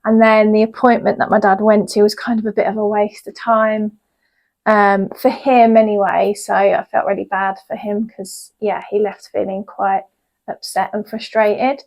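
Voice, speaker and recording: A woman's voice: medium pitch, little pitch movement, normal speed, a little mellow, poor audio. A woman, a yoga teacher chatting casually in a home vlog, rambling with lots of ums. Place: at home in her yoga room.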